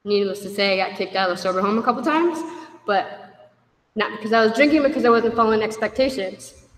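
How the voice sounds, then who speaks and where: A woman telling her personal recovery story to a meeting, candid and animated, acting out dialogue with a raised voice. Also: medium pitch, fast talker. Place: meeting room. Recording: echoey hall from far off.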